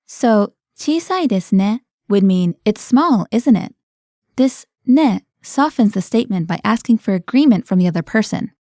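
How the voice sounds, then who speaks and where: A woman hosting a scripted language-lesson podcast, explaining words clearly and prompting her co-host with questions. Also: medium pitch, lively intonation, normal speed, warm tone, no room sound, studio quality.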